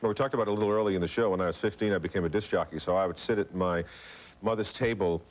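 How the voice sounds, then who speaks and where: A man from New Orleans with a smooth standard American accent, telling stories quickly and chattily as a guest on a late-night talk show. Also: deep voice. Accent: General American, trained out of a New Orleans accent. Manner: fast, chatty storyteller. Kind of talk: casual chat on late-night TV. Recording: dull broadcast audio.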